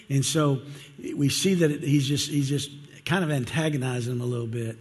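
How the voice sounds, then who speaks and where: A man's voice: mid-range voice, moderate pace, a little mellow. A male pastor giving a sermon in a conversational, earnest way, often asking the congregation questions. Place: church sanctuary. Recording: long church-hall reverb.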